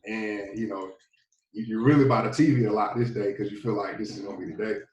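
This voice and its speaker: A man in his thirties with a Southern US accent, telling his story in a relaxed, rambling way as a podcast guest. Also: on the low side, fast talker. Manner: laid-back, rambling, many fillers. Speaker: podcast guest, former football player. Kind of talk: casual storytelling interview. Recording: echoey, a bit distant from the mic.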